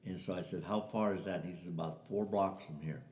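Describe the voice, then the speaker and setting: A man's voice: sits low, brisk, darkish tone. An older man telling a family story in a casual way, acting out the voices of the people in it. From US Southwest. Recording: echoey room.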